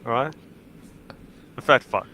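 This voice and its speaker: A man hosting a livestream, telling stories in casual chat, swearing freely and getting animated in bursts. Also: unhurried, low-quality recording. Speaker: livestream host.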